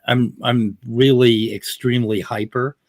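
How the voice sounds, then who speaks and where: A man from the United States telling a story casually, animated and swearing often. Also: medium pitch, a little slow, no echo. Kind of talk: casual conversation.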